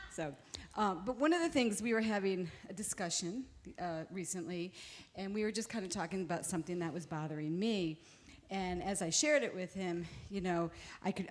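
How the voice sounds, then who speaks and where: A woman sharing a personal story in a conversational sermon, candid and animated, with frequent restarts. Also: medium pitch. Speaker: pastor's wife sharing in a sermon.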